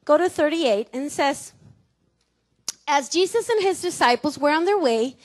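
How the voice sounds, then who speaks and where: A woman's voice: sits high, lively intonation, normal speed. A woman pastor with a Mexican Spanish accent preaching a sermon in a church, playful and laughing, often getting the congregation to repeat words after her. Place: church sanctuary.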